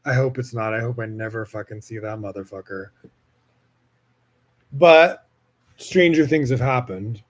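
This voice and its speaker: A man's voice: mid-range voice, measured pace, long pauses. A man hosting a solo podcast, talking in a casual, rambling way with lots of fillers and swearing. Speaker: podcast host.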